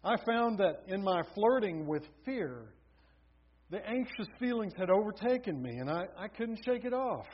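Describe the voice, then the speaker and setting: A man's voice: high voice, expressive, moderate pace, breathy edge. A man preaching a sermon, telling stories with building emphasis. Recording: dull lo-fi recording.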